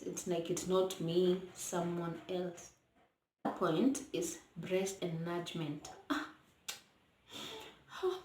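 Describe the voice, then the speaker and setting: A young Kenyan woman vlogging casually from her child's bedroom, chatting and mixing English with Swahili, sometimes hushing her voice so the baby sleeps. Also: fairly low pitch. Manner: hushed at times to let baby sleep. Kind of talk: casual storytime vlog. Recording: roomy echo, faint noise.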